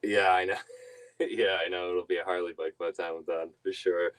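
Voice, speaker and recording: Deep-voiced rambling young man. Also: little pitch movement, brisk, fairly bright tone, rough recording. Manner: rambling, laughs often, self-interrupting. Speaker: reseller streamer. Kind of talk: casual storytelling to viewers.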